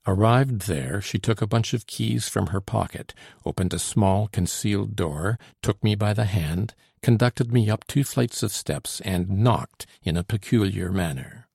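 A male audiobook narrator with a low, gravelly, husky voice and a dark tone. He reads period prose in a steady, measured way. The sound is dry and close. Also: no room sound. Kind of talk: scripted narration.

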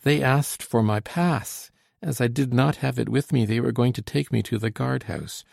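A man voicing a frightened, quick-witted young woman who pleads politely with soldiers, in a trembling manner. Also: medium pitch, gravelly, darkish tone, no echo, studio quality. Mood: pleading.

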